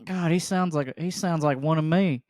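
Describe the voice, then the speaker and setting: Joking man with a higher voice. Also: normal speed, a little mellow, dry recording, clean studio sound. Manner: joking, crude, riffing. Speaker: podcast co-host. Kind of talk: casual chat.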